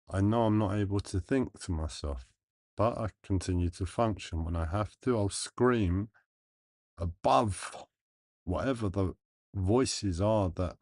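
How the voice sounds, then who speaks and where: A man with a deep, low-pitched voice speaks slowly and earnestly to his livestream viewers. He thinks aloud in halting phrases, pausing and restarting often. The sound is dry and close, with no room echo. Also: darkish tone. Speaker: live streamer.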